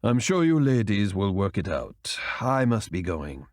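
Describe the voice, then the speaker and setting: A man voicing a cool, curt wealthy young man in an audiobook, speaking low and brief. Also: sing-song, a little slow, no echo, clean studio sound. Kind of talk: audiobook character reading.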